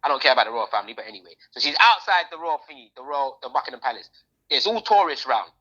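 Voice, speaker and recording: A woman's voice: a bass voice, very animated, fast, fairly bright tone, slightly rough. A woman co-hosting a podcast, chatting in an opinionated, slangy way. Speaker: podcast co-host. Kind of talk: casual chat. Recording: dull lo-fi sound.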